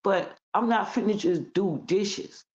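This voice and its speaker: A woman's voice: medium pitch, unhurried, a little mellow. A woman in her forties, blunt and profane, tells her story as a casual interview guest. She slips into other people's voices as she recounts what was said. The recording sounds dull and lo-fi. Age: 40s.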